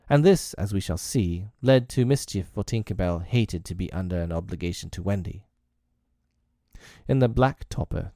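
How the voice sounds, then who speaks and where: Mellow, low-voiced male storybook narrator. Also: no echo, clean studio sound. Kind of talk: scripted narration of a classic children's novel.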